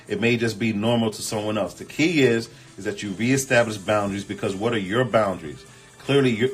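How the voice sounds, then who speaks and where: A man hosting a casual relationship advice chat, reading viewer comments and answering in an animated, emphatic, colloquial way. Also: on the low side. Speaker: host.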